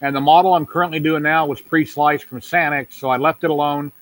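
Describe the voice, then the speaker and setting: A middle-aged man hosts a casual video call hangout. His voice sits a little high for a man, and he talks in a rambling, folksy way, often falling back on "yeah, yeah". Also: steady tone, fairly quick, a bit bright. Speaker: host.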